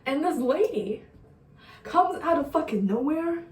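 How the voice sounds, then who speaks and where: A woman's voice: high voice, expressive, measured pace. A young woman vlogger telling a rambling, profane story in a casual storytime way. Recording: roomy sound, distant mic.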